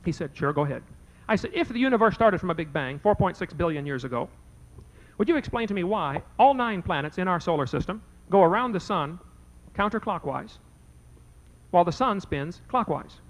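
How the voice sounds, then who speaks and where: Debating in front of a live audience, a man recounts a folksy story and acts out both sides of a conversation. His voice sits high, expressive and a little fast, and the audio is poor.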